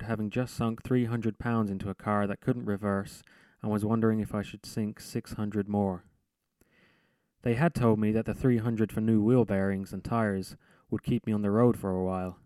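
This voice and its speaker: A man reading his own short story aloud in a measured, deadpan narration. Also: fairly low pitch, smooth, dry recording. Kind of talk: literary reading.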